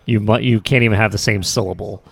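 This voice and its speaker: Man, podcast co-host, laid-back banter, gravelly, fairly low voice. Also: fairly even intonation, quick pace. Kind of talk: casual podcast chat.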